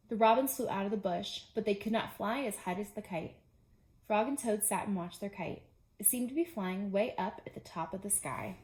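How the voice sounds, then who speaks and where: A pre-K teacher reads a chapter book aloud to young children. Her reading is clear and gently paced. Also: medium pitch, normal speed, roomy sound.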